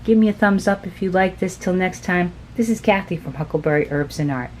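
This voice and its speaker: A woman's voice: on the low side, a little fast, slight background noise. A woman hosting a craft channel, showing off supplies in a chatty, gushing, admiring way. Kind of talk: casual show-and-tell of craft supplies.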